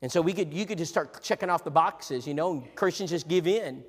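Male preacher, high voice, emphatic and repetitive, long hall reverb. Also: brisk. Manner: emphatic, repetitive, swings between hushed and rousing. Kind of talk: sermon.

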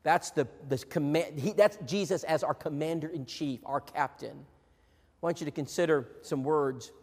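Middle-aged male preacher with a high voice, hushed then rousing, in a reverberant hall. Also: normal speed. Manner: emphatic, repetitive, swings between hushed and rousing. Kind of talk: sermon. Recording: long reverb in a large hall.

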